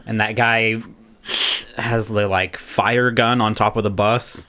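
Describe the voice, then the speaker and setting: Male podcast co-host, low voice, rambling casual chat with frequent laughs. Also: fairly even intonation, slow pace, sharp tone. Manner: rambling, laughs often, many restarts.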